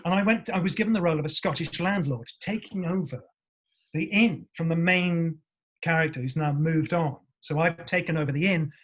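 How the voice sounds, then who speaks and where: Male actor from england, husky voice, animated storytelling, acts out voices, swears. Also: on the high side, brisk. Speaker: actor guest.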